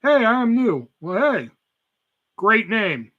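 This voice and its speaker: A man's voice: sits high, sing-song, slow pace, muffled recording. A young man, chatting casually and swearing freely on a live stream while reading chat messages aloud. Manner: profane, rambling, reads chat aloud. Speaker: livestream host.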